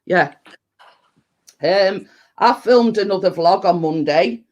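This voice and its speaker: A woman's voice: medium pitch, takes it slowly, darkish tone, highs cut off. Chatty woman hosting. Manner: chatty, laughs easily, rambling stories. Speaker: live stream host. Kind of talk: casual chat.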